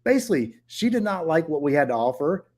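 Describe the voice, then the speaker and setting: A man's voice: fairly high pitch, sing-song, quick pace, a little mellow. A middle-aged man who owns short-term rentals, telling viewers a story in a blunt, profane, heated way.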